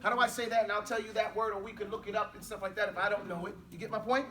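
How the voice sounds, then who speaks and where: A man's voice: sits high, flat delivery, very fast, far from the mic, noisy background. A man teaching an Arabic class in a casual, chatty way. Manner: casual, mixes English and Arabic drills.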